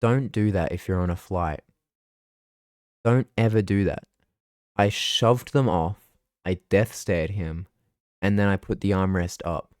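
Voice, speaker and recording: Young aussie guy, real low voice, dry close sound, rambly chatty vlog talk, swears a bit. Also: measured pace, pauses often, darkish tone, dry recording. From Australia. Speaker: vlogger. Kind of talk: casual vlog recap.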